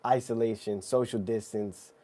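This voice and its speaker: A man's voice: lowish voice, fairly even intonation, normal speed, mellow. A man hosting a casual conversation, reflective and often checking in with "right?". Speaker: host.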